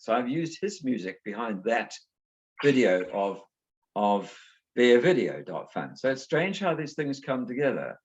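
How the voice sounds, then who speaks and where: A middle-aged man from New Zealand, a guest author talking casually in an interview and telling lively anecdotes. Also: medium pitch, normal speed, muffled recording. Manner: animated storyteller, acts out voices in anecdotes. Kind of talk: conversational interview.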